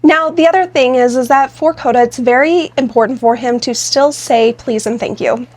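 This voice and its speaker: A woman's voice: high voice, normal speed, a little mellow. A woman co-hosting a podcast, explaining points directly and walking through examples. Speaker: podcast co-host. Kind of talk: casual conversational podcast talk.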